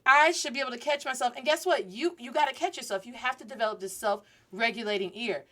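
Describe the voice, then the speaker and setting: Woman, 30s, podcast language teacher, chatty, lively, slightly high voice. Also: quick pace. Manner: lively, chatty, drops into Spanish phrases. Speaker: host and Spanish teacher. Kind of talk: casual podcast lesson.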